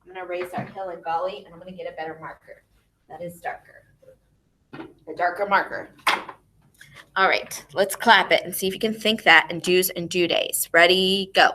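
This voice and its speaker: A woman teaching a music lesson to young children online. She speaks expressively and clearly, asking questions and then answering them herself. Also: lowish voice, steady tone, brisk, background noise.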